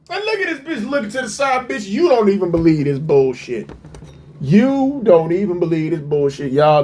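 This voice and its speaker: A man ranting through a reaction video, his pitch leaping all over as he mocks the clip in disbelief. He talks slowly, drawing out his scorn. Every other sentence carries a curse. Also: darkish tone, a little hiss or hum. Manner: mocking, incredulous, swearing heavily. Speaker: commentator. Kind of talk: profane reaction commentary.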